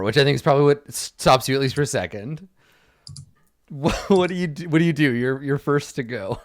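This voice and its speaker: A man runs a tabletop game in a loose, casual way, pausing with ums as he works out the rules. his voice sits at an ordinary middle pitch for a man. he keeps the table moving. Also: no echo, studio quality. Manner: casual, thinks aloud with fillers. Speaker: game master.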